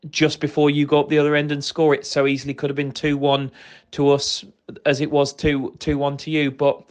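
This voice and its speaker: Measured man giving a match verdict. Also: fairly high pitch, completely flat delivery. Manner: measured, fair-minded analysis with restarts. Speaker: pundit from the other club. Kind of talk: recorded match reflection.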